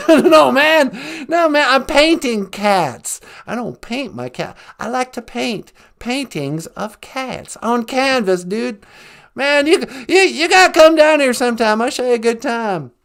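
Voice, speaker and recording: A man's voice: very high voice, lively intonation, unhurried, vocal fry, a bit bright, voice pushed up, full character voice. A man voicing a laid-back, folksy Texan former president with a put-on drawl and slangy talk. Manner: drawling, slangy, calls people man and boy.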